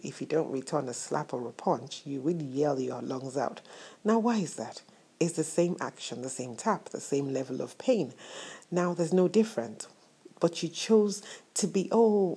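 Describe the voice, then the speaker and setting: A woman hosts an inspirational, faith-based motivational show, warmly addressing her listeners with affectionate words and using preacher-like repetition for emphasis. Her low voice is creaky and husky, expressive, and delivered at a moderate pace.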